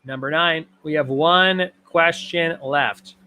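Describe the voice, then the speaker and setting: A man's voice: a little high, slow, bright, forceful tone, clear, resonant tone. A man hosting a casual online movie trivia game, chatting and reading viewer comments aloud. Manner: chatty, reads out viewer comments and repeats questions. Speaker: trivia host.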